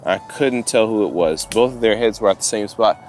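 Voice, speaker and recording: A man telling a story to camera outdoors with his dogs, getting animated and worked up as he retells it. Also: on the low side, brisk, soft background music. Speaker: vlogger and dog trainer.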